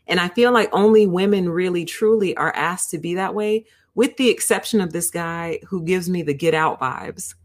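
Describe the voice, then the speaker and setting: Woman, low voice, livestream host, casual commentary, addresses viewers directly. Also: normal speed, hardly any pauses. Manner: chatty, talks straight to viewers. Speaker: host of a book review show.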